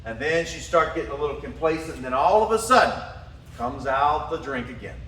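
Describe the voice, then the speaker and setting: A man's voice: fairly high pitch, a little fast, bright, forceful tone, distant mic, slight background noise. A man giving a motivational talk, telling a story with animation and frequent laughs. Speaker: motivational speaker. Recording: roomy echo, voice from away from the mic.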